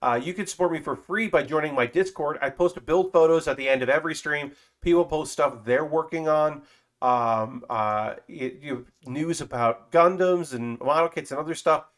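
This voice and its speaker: A man's voice: fairly high pitch, moderate pace, fairly bright tone. Chatty man rambling on a live stream. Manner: rambling, loose and chatty, with frequent fillers and casual swearing. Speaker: streamer building a model kit. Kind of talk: casual live-stream chat.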